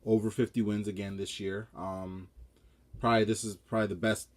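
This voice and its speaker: A man with a lowish voice hosts his own vlog, chatting loosely and rambling from point to point. His sentences often drift down and trail off, and he keeps it relaxed and unscripted. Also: a little fast. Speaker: vlog host. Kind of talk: casual vlog talk.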